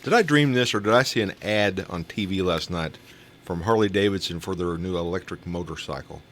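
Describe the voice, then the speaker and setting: A man's voice: deep voice, brisk, fairly bright tone. A man co-hosting a morning radio show, trading jokes and anecdotes in casual banter. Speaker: radio co-host. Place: radio studio.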